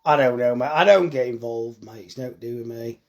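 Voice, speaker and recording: A man's voice: medium pitch, brisk. A tired man, chatting bluntly and joking with swearing while reading comments on a live phone stream about his butcher's shop.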